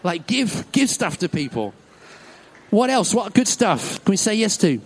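Man, children's talk at church, high voice, encouraging, praises each answer. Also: very animated, unhurried, slightly rough. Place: church hall with an audience.

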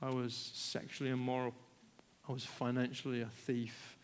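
A man preaching a storytelling sermon in an animated, conversational way, with self-deprecating asides. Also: mid-range voice, normal speed, smooth. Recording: long hall reverb.

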